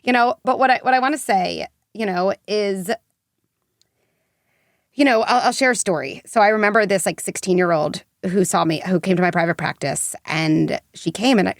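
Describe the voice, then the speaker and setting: A woman's voice: lowish voice, fairly quick, gravelly, no echo, studio quality. A middle-aged woman psychologist, a podcast guest, who tells stories with feeling and lots of casual fillers. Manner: emotional storytelling, many fillers. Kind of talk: podcast interview.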